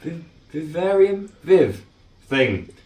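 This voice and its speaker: A man's voice: fairly high pitch, very animated, slow pace, a little mellow, far from the mic. A man hosting a casual vlog, joking and mock-dramatic, swearing casually. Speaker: vlog host. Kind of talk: casual chat. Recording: echoey room with clear noise.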